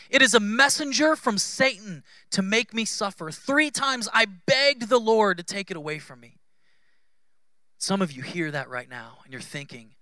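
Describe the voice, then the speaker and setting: In a church, a pastor in his thirties gives a loose, joking sermon, slipping into playful voices for the people he quotes. His very high, sharp voice sounds close and dry, with no echo, and his conversational style stays humorous throughout.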